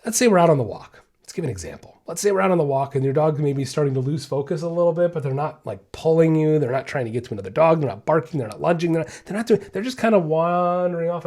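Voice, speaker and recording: A man with a mellow, slightly husky voice hosts a casual podcast and teaches about training dogs. He talks in a lively, animated way, repeating his points and checking in with "right?" and "okay?" as he goes. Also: on the high side. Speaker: podcast host and dog trainer. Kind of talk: casual instructional podcast talk.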